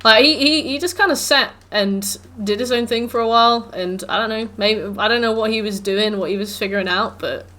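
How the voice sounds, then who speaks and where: A woman's voice: fairly high pitch, a little fast, few pauses, bright, forceful tone. A woman in her twenties, a streamer chatting casually with viewers while gaming, rambling with lots of fillers.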